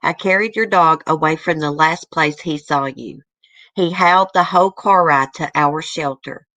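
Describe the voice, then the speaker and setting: A woman's voice: low-pitched, normal speed, bright, forceful tone, no echo. Earnest woman host reading a letter. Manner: earnest, easily moved, breaks off to comment. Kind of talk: casual chat reading a letter aloud.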